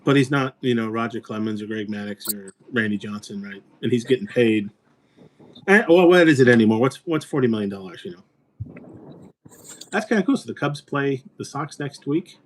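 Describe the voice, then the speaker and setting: A man's voice: medium pitch, animated, normal speed. A man from Illinois hosting a casual chat, rambling and joking as he talks. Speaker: host.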